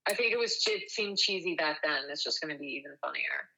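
Co-host, female, lowish voice, chatty and profane. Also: expressive, bright, forceful tone, lo-fi sound. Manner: chatty, swears freely, quick bursts. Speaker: podcast co-host. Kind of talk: casual chat.

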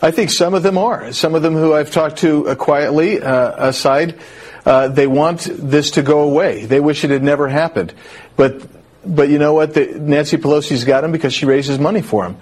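Husky congressman, measured and halting. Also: on the high side, darkish tone. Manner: measured, with frequent filler pauses. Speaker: congressman guest. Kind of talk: political interview.

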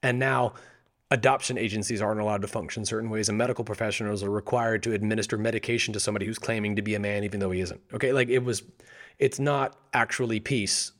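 A man giving a devotional Bible teaching, explaining scripture and asking his listeners many rhetorical questions in an animated way. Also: on the low side, fast talker.

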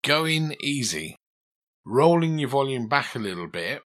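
A man's voice: medium pitch, sing-song, unhurried, fairly bright tone. A man teaching a guitar lesson, chatting and asking his student questions as he coaches. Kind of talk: conversational one-to-one lesson.

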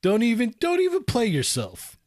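A man's voice: very high voice, wildly swooping pitch, darkish tone, no echo. Teasing man with a dry close voice. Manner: teasing, chuckling, drawn-out asides. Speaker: podcast co-host. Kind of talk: casual chat among collectors.

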